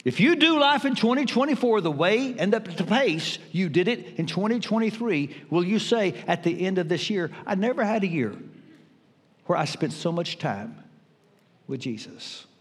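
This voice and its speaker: Older preacher, lively swinging pitch. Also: male voice, slightly rough. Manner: emphatic preaching with dramatic pauses and pitch swings. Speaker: pastor. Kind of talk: sermon. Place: church sanctuary. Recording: reverberant church hall.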